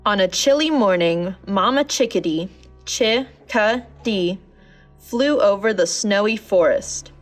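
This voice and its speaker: A woman narrating a children's storybook in a gentle, measured reading voice. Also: mid-range voice, animated, soft background music.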